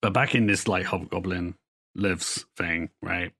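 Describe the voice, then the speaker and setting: A man's voice: sits low, pushed and bright, breathy edge. A man co-hosting a podcast, recapping comic book plots in a rambling, profane, casual way. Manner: rambling, profane storytelling with quick put-on quotes. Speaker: podcast co-host.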